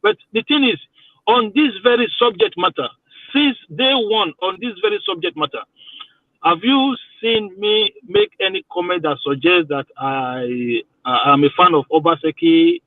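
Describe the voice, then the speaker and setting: A man's voice: high-pitched, sing-song, moderate pace, dry recording. A Nigerian man defending himself on a debate panel, stammering into restarts as he talks. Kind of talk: heated debate. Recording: tinny phone line.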